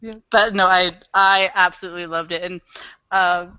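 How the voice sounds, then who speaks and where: Bright-voiced woman chatting about a book. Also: fairly low pitch, fairly even intonation, moderate pace, clear, resonant tone, no room sound, lo-fi sound. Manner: enthusiastic, giggly, acts out voices when retelling. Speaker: book club member. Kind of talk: casual chat.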